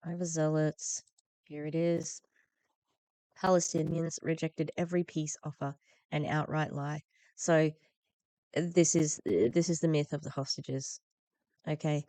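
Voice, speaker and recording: A woman's voice: deep voice, a little mellow, smooth, dry recording. A woman hosting a political commentary podcast, reading the news aloud and reacting in a heated, blunt, profane way with sarcastic asides.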